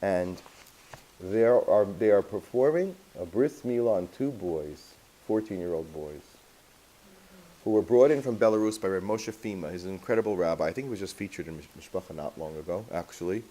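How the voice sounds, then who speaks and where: Low, mellow-voiced rabbi telling a story. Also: male voice, normal speed. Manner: animated anecdotal storytelling with Yiddish and Hebrew terms. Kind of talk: storytelling talk to a class.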